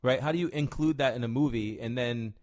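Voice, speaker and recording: A man's voice: mid-range voice, a little fast, darkish tone. A man co-hosting a casual podcast, talking animatedly and swearing, with lots of "right?" tag questions. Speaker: podcast co-host. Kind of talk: casual chat.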